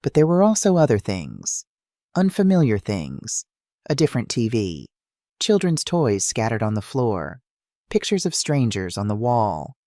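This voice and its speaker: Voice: mid-range voice, very animated, unhurried, dark tone, no echo, clean studio sound. A narrator reading a dramatic family story aloud in a scripted style.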